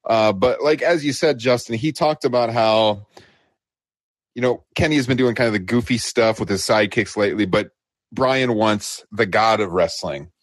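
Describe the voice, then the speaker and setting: A man's voice: normal speed, dry recording. A man co-hosting a wrestling podcast, recapping a show in casual chat and laughing often. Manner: laughs often, quotes wrestlers with lifted pitch. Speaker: podcast co-host.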